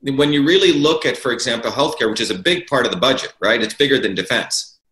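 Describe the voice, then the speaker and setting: A man's voice: medium pitch, fast talker, a bit bright. A man arguing his political views as an interview guest, emphatic and repeating key words for stress. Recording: roomy echo.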